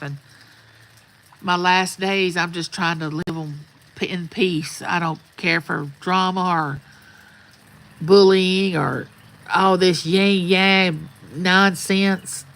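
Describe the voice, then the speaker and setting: Bright-voiced woman, folksy rambling. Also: low voice, rough recording. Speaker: vlogger. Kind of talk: casual storytelling chat. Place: outdoors at sunrise.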